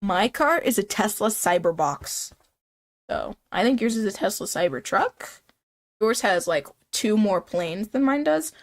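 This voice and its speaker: A woman live streamer chatting with her viewers in a loose, playful way. She rambles from one thought to the next and fills her talk with "like" and "dude". Her voice sits at an average pitch. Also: animated, unhurried. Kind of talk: casual live-stream chat.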